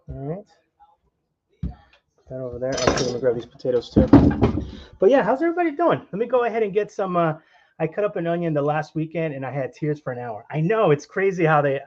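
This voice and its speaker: A man's voice: on the high side, darkish tone, muffled recording. A young man hosting a live cooking stream in his kitchen, chatting and joking with viewers as he works. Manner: chatty, jokey, talks to viewers while cooking. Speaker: cooking channel host. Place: home kitchen.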